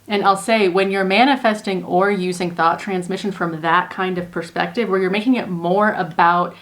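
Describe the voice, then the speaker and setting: Calm woman coaching in steps. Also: fairly low pitch, normal speed, hardly any pauses. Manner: calm, earnest explaining in spoken steps. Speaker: manifestation coach. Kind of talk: casual teaching monologue.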